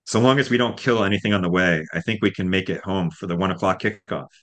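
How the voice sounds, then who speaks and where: A man reading aloud from his novel voices a middle-aged hunting father who talks softly and forgivingly. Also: low-pitched, fast. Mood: easygoing. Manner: soft and forgiving.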